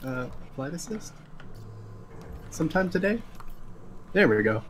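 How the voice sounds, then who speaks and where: A man's voice: on the high side, very animated, a little slow, slight background noise. A man playing a game with a friend, joking and reacting playfully. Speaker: co-op player. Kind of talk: casual gameplay chat.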